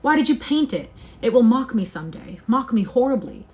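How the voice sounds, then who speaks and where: A woman's voice: mid-range voice, a little fast, lightly acted. A woman reading aloud, voicing a vain young man who pleads in anguish with impassioned, rising cries. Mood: despairing.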